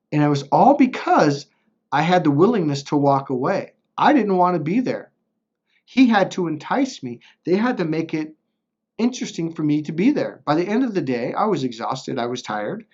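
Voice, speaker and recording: Guy rambling through a story, swears a lot, keeps saying right?, average pitch, kinda muffled lo-fi sound. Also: darkish tone. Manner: blunt and profane, swearing freely; rambling, with restarts and frequent "right?". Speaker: motivational speaker. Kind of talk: casual personal storytelling.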